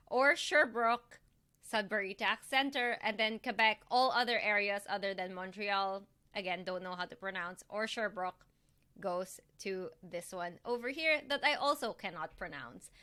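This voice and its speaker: A woman's voice: mid-range voice, a little slow, bright, forceful tone, clean tone. A woman bookkeeper from Canada giving a casual tutorial, reading through lists in a chatty way and apologizing lightly now and then. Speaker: bookkeeper explaining tax filing.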